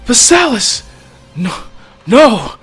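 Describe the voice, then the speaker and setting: Yamoshi, a man voicing a yelling Saiyan warrior. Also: big pitch swings, drawn-out words, breathy edge, faint music behind, heavily acted. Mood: anguished. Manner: strained high-pitched yelling. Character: young male Saiyan warrior, desperate and grief-stricken.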